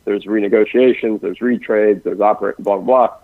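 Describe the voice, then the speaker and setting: A man who works in investments at a family office, talking quickly and densely in a podcast conversation, with frequent restarts. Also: lowish voice, fairly even intonation, no room sound. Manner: rapid-fire, dense talker with many restarts. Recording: dry, phone-like lo-fi sound.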